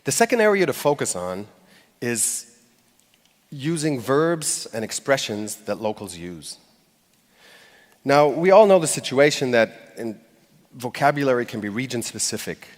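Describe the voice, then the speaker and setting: Male stage speaker, mid-pitched, conversational and halting with fillers, long hall reverb. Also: lively intonation. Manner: conversational, hesitant with fillers and restarts; acts out short quoted phrases with light laughs. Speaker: conference speaker. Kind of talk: live public talk.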